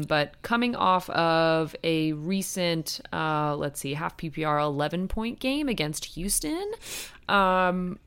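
A young woman co-hosting a fantasy football podcast in casual chat, a little groggy in the morning and chatty with drawn-out fillers. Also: sits low, a bit bright, clean tone.

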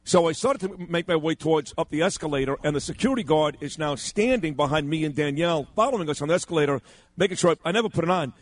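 A man's voice: fairly high pitch, expressive, fast talker. A man co-hosting talk radio, telling a story with indignant emphasis and acting out the exchanges. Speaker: radio talk show co-host.

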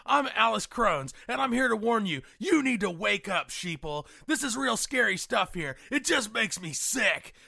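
A man putting on a gravelly, frantic conspiracy radio ranter. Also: sits high, lively intonation, normal speed, hardly any pauses, dry recording, heavily acted. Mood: frantic ranting. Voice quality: gravelly, bellowing. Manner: frantic hectoring rant, keeps yelling "folks" and "wake up". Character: ranting paranoid middle-aged male conspiracy radio host. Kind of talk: comedy parody rant.

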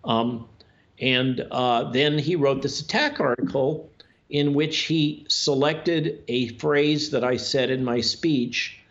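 A man as a guest on a talk show, speaking in a measured, drawn-out way with many filler sounds. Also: mid-range voice. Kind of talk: conversational interview talk. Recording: dull lo-fi audio.

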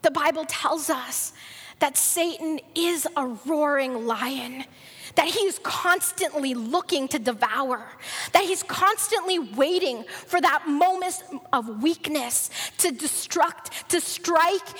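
A woman with a high voice preaches to her congregation with earnest storytelling and lets her voice climb for the characters. Her words carry a long reverb, as if spoken in a large church hall. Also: takes it slowly, fairly bright tone. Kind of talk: sermon storytelling.

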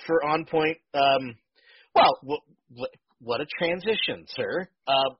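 Male podcast host, fairly high and breathy voice, playful chatty manner. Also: dull audio. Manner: lively, jokey, quick backchannels. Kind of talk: casual interview chat.

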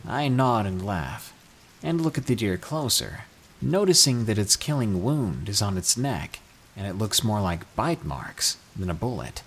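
A man reading true scary stories aloud, with an expressive storytelling delivery. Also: fairly low pitch, a little slow, a little hiss or hum. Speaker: narrator.

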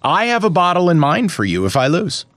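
A man co-hosting a sports betting chat, ranting with theatrical mock outrage and cursing, his voice jumping high when riled. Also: huge pitch swings, a little fast, a bit bright, no room sound. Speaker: sports betting podcast co-host.

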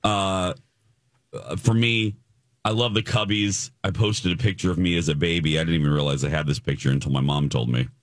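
This is a chatty, enthusiastic radio co-host from the Chicago area, with a fairly low voice. He often backs up and restarts his sentences, and the sound is dry and close. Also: steady tone, brisk, dry recording. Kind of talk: casual chat.

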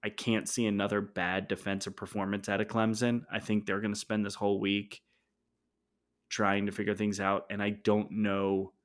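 Low-voiced dude on a sports podcast, blunt, opinionated, cuts in fast. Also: male voice, monotone. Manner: blunt, opinionated, quick interjections. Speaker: podcast co-host. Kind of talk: casual sports betting chat.

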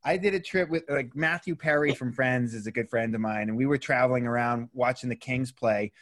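A man's voice: medium pitch, brisk, fairly bright tone. A man in a casual podcast conversation, laid-back and chatty, swearing casually.

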